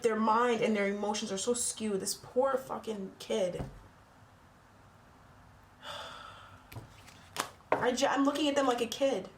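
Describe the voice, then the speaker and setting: A woman's voice: fairly high pitch, echoey room, slight background noise. A woman doing a casual tarot reading for her channel, talking bluntly and swearing freely as she gets heated. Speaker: tarot reader.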